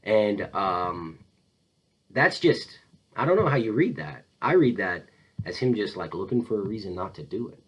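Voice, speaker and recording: A man's voice: lowish voice, normal speed, breathy edge, rough recording. A man giving a casual literature lecture, explaining scenes and acting out quoted lines in shifting voices. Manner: animated, acts out quoted lines in changing voices. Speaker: teacher.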